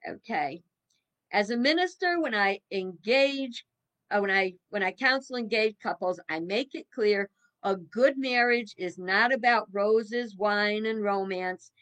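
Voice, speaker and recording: A woman's voice: mid-range voice, lively intonation, a little slow, a bit bright. A woman in her seventies, a minister giving a reflective evening talk in a folksy, musing way with chuckles. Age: 70s.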